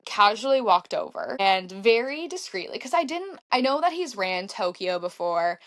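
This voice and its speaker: Animated woman in her thirties telling a story. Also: normal speed. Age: 30s. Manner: animated, acts out her own quotes with big pitch jumps. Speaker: podcast guest, marathon runner. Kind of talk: casual storytelling.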